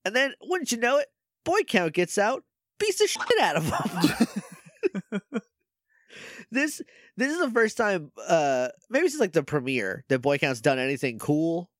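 A man's voice: high voice, unhurried, no echo, clean studio sound. A man co-hosting a casual podcast, recapping a show with jokes and acting out scenes in silly voices. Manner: animated, jokey, acts out scenes in silly voices. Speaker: podcast co-host.

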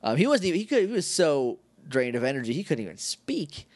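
A man's voice: a little high, big pitch swings, a little fast, darkish tone, no room sound. A man co-hosting a podcast, chatting casually and joking as he rambles through a recap. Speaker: podcast co-host. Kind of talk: casual chat.

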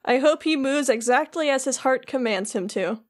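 A woman voicing a cocky young male rogue, tossing the lines off quickly. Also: sits high, lively intonation.

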